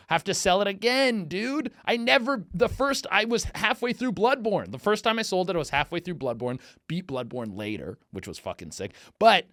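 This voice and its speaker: A profane, animated male comedian riffing on his podcast. His pitch sits a bit high and swings widely as he mocks and exaggerates. The sound is dry and close. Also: normal speed, hardly any pauses, no echo. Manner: profane, animated, mocking put-on quotes. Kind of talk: casual comedic rant.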